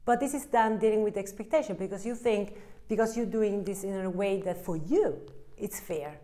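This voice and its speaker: A woman's voice: mid-range voice, normal speed, mellow. A woman with an Italian accent giving a direct-to-camera tarot reading, blunt and emphatic, with broken English. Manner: blunt and emphatic, acts out the listener's inner voice. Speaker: tarot card reader.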